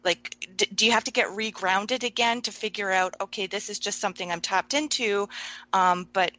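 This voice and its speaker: A woman's voice: mid-range voice, normal speed, bright, forceful tone, no echo, poor audio. A woman hosting an interview, asking long, winding questions. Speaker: interview host.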